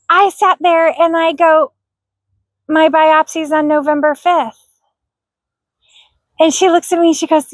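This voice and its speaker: A woman's voice: extremely high pitch, no room sound. A middle-aged woman telling a personal story to camera, earnest and heartfelt, sometimes moved to tears. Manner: earnest, heartfelt, emotional at times. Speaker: vlogger.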